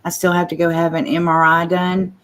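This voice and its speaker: A woman's voice: lowish voice, completely flat delivery, fairly quick. A woman chatting casually on her painting livestream, open and talkative, with a slight stutter at times.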